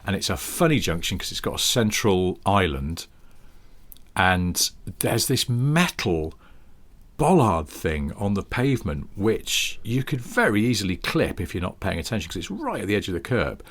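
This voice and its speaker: A man's voice: deep voice, sing-song, normal speed, fairly bright tone. A man co-hosting a casual podcast chat, telling a story in a wry way. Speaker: podcast co-host. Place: home.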